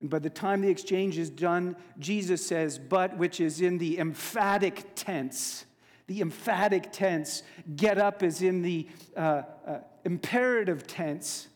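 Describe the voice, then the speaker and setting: A male preacher delivering a sermon, slow and emphatic, with casual asides, in a church sanctuary. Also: high voice, in a large hall.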